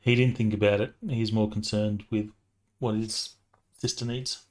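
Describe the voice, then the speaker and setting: A man's voice: lowish voice, little pitch movement, moderate pace. A man speaking as a player in a tabletop game, matter-of-fact. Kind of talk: casual tabletop play.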